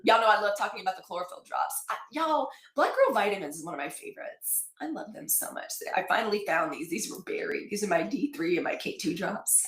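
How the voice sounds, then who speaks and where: A woman's voice: mid-range voice, animated, fairly quick, hardly any pauses, fairly bright tone. A woman in her forties hosting a daily live news show, talking casually and wandering off topic while thanking viewers by name. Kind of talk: casual livestream chat. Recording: echoey room.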